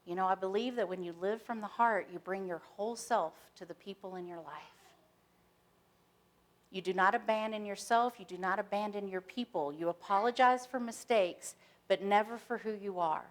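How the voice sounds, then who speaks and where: A woman minister giving a sermon, starting with gentle, soft-spoken guided stillness and moving into storytelling. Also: mid-range voice, moderate pace. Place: church sanctuary, stage lights.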